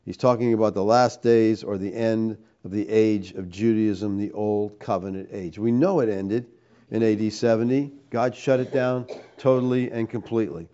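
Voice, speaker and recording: Emphatic preacher man, mellow voice. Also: mid-range voice, steady tone, normal speed, dull audio. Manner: emphatic, rhetorical questions, tags "all right?". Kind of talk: sermon teaching.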